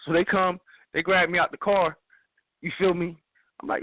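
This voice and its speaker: Man, casual storyteller, acts out the shouting, repeats himself, phone-quality sound. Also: high-pitched, steady tone, moderate pace, long pauses, dry recording. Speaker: radio show guest telling a story. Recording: dry tinny phone-like sound.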